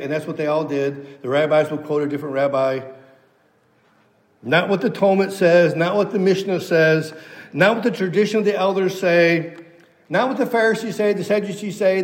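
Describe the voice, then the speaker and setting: Emphatic male preacher in a reverberant hall. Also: fairly high pitch. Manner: emphatic, teacherly, repeats key phrases. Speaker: pastor. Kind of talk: expository sermon.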